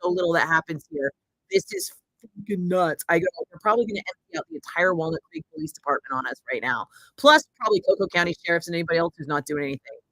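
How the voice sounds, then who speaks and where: A bright, forceful woman in her forties tells a story, lively and full of swearing as she acts out each person she quotes. The recording is dry and close, with no room sound. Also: on the low side, quick pace, no room sound, low-quality recording. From Northern California. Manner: animated, swearing freely, acting out quoted voices. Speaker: radio host telling a story on a livestream. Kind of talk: casual storytelling.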